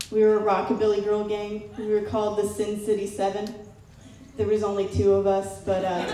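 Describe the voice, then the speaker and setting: Her voice is mid-range and warm as this young Southern California comedian works a live crowd in a large room, chatty and playful, mimicking her family's voices. The recording is very echoey with faint background noise.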